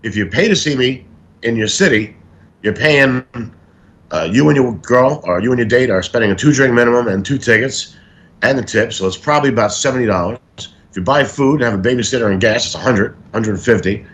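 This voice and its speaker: A stand-up comedian guest telling showbiz stories in a casual interview, animated and acting things out as he talks. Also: medium pitch, fairly quick. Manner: animated, acts out stories and quotes.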